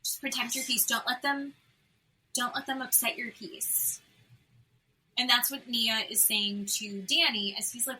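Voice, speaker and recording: A woman's voice: on the high side, measured pace, slight background noise, poor audio. A woman co-hosting a podcast, chatting casually and bluntly about reality TV, swearing freely and acting out what others said. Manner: blunt, swears freely, animated retelling with mimicked quotes. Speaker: podcast co-host. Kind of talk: casual chat recapping reality TV.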